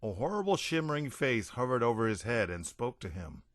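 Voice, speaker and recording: A man's voice: medium pitch, very animated, a little fast, dry recording, studio quality. A man narrating a comic science-fiction audiobook in a wry storytelling manner. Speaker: audiobook reader.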